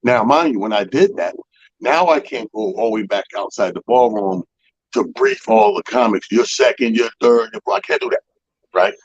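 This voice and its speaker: A man's voice: on the low side, normal speed, dry recording, muffled recording. A man hosting a radio talk show, telling a profane story and acting out other people's lines. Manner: animated storyteller, acts out people's quotes, profane. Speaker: comedy show organizer. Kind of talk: casual storytelling chat.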